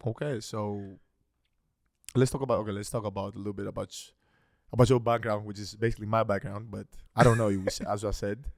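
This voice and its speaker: A man's voice: on the low side, steady tone, a little fast, gravelly, no room sound, studio quality. A man in his thirties from Greece with a slight Greek accent, hosting a casual interview in a playful, teasing way and often repeating his words. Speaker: host.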